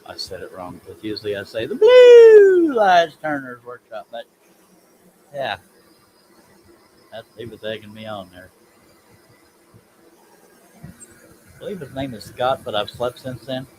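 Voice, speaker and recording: A man with a fairly low voice chats loosely through a woodworking live stream, wandering off topic and poking fun at himself as he reads comments out. Clear background noise and buzzing insects sit under his voice in the workshop. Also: a little slow, long pauses. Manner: rambling, self-deprecating, reads chat comments aloud. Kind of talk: casual live stream chat while working.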